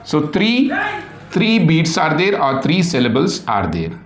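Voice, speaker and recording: A man's voice: a little high, huge pitch swings. A man teaching an English lesson, who spells words out letter by letter and asks questions he then answers himself. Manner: slow, repeats words and spells them out letter by letter. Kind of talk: classroom lesson. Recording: echoey room.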